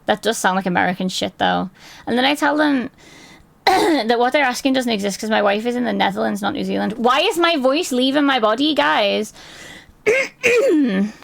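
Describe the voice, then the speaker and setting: A woman's voice: a little high, a little fast, creaky. A woman streamer chatting casually with her viewers, answering chat aloud and swearing freely.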